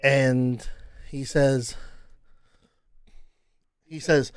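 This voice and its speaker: A man narrating as game master of a tabletop game, halting with many fillers. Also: mid-range voice, smooth, dry recording, studio quality.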